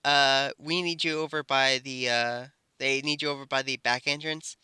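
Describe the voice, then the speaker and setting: A man's voice: mid-range voice, steady tone, moderate pace, sharp tone, smooth, dry recording, studio quality. A man voicing a shy young woman who speaks hesitantly and apologetically.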